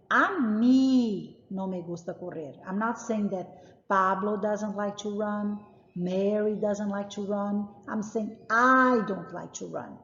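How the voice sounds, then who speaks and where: A woman's voice: mid-range voice, creaky. A woman teaching a language lesson, explaining grammar patiently and emphatically and repeating each example. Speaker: Spanish teacher. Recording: roomy, echoey, dull lo-fi sound.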